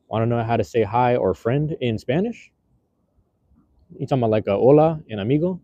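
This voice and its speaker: A man streams casually to viewers from a handheld phone on the street, his slangy, rambling talk full of fillers and restarts. His medium-pitched voice is mellow and animated, brisk but pausing often. There's no echo, and the highs are cut off.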